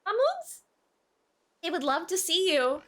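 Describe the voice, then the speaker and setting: A young woman streams from her room at home, chatting casually with viewers and using a baby voice with her cat, hiccuping as she goes. Her high, bright voice is very animated and forceful, at a moderate pace.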